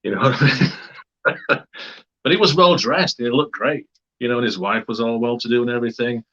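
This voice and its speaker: A man's voice: medium pitch, a little fast, pushed and bright, lo-fi sound. A man from Wakefield, England, telling a story in a casual, rambling way, with many fillers and hesitations. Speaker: interviewee.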